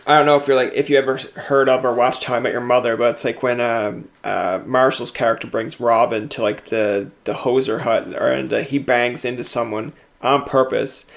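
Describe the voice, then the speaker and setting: A man's voice: medium pitch, fairly even intonation, moderate pace, creaky, hardly any pauses. A man hosting a casual interview, a jokey, rambling storyteller who acts out the people in his anecdotes. He records from home. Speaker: podcast host.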